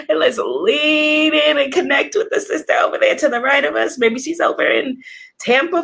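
A lively woman hosts a spiritual livestream. Her voice sits a little high, and she cheers viewers by name with big energy. She then slows into soft, calm guided breathing. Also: creaky. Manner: exuberant, greets viewers by name, swings to soft meditative guidance.

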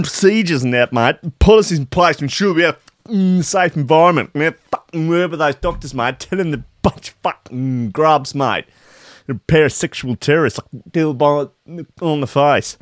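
A man's voice: a little high, moderate pace, no echo, studio quality, pitched above the performer's own voice, natural voice. A man voicing a crude, swearing Australian male hospital boss with a put-on Australian accent, tacking "mate" onto his lines. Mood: blustering. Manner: swearing, blokey, tacks "mate" onto everything.

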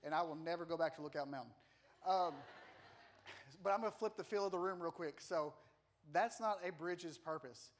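Animated pastor with a high voice. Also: male voice, brisk, pauses often, a little hiss or hum. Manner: animated, self-deprecating storyteller with humor. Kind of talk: sermon with personal story.

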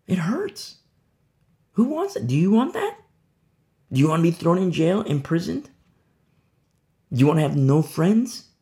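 A man preaching a sermon, firing rhetorical questions and swinging between loud, emphatic lines and hushed ones. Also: a little high.

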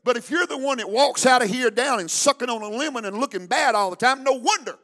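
A male pastor preaches at a church service with a strikingly high voice. He swings between quiet asides and shouted, chanted lines, calling the congregation to answer back. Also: fast talker. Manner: fiery call-and-response preaching, shouting and chanting. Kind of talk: sermon.

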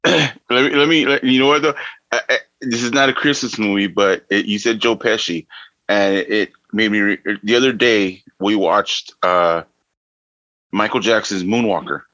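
A man co-hosting a podcast, chatting casually and excitably, laughing often. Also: on the low side, normal speed, dry recording. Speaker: podcast co-host. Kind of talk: casual chat. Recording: dry, dull sound.

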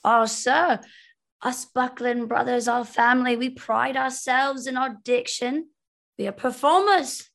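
A woman's voice: high voice, steady tone, a little slow, creaky, a bit bright, exaggerated voice. A woman putting on a showy little performer girl with a thick accent. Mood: proud. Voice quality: thick, hard-to-follow put-on accent. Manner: showy, theatrical, pushy. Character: small chatty female wanderer from a family of stage performers. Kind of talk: tabletop role-play.

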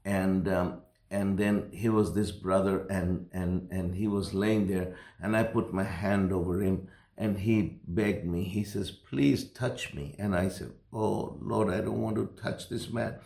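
Male pastor, low gravelly voice, earnest sermon storytelling, roomy echo. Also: flat delivery, a little slow, a little mellow. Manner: earnest, rambling with restarts, rising intensity.

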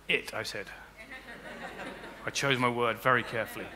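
A man preaching a sermon as pastor, building to loud emphatic peaks. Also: mid-range voice, steady tone, moderate pace, pauses often, slight background noise. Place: church auditorium. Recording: long hall reverb with faint music.

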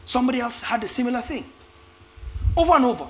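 A man preaching a lively sermon, acting out biblical characters with shouts and laughs. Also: very high voice, quick pace.

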